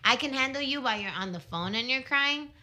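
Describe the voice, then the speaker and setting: Young female co-host, frank talker, bright forward tone. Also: high-pitched, expressive, fairly quick. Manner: frank, talkative, many "like" fillers. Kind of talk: casual chat.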